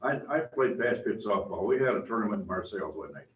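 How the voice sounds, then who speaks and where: A man's voice: on the low side, expressive, quick pace, dull audio, a little hiss or hum. A man in his eighties chatting in a gym, telling rambling stories with lots of restarts. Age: 80s. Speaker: guest. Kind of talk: casual chat, storytelling. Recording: roomy, distant from the mic.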